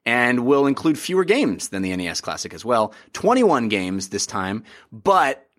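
An upbeat man hosts a casual podcast in a chatty, excitable way. His voice sits at an ordinary middle pitch, and he talks loosely with frequent ums and restarts. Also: normal speed. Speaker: podcast host. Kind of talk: casual chat.

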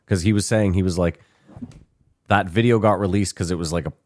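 A man's voice: deep voice, steady tone, a little fast, a little mellow. A man co-hosting a podcast in casual chat, making his point emphatically and swearing freely. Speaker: podcast co-host.

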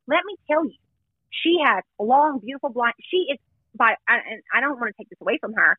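A woman's voice: on the high side, lively intonation, fast talker, husky, dry recording. Blunt chatty woman on a tinny line. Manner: chatty, blunt, self-deprecating storyteller. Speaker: guest. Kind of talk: casual chat.

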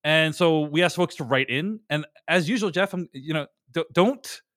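A man's voice: on the high side, normal speed, fairly bright tone, dry recording, clean studio sound. A man hosting a casual film podcast, talkative and prone to restarts while he reasons aloud. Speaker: podcast host.

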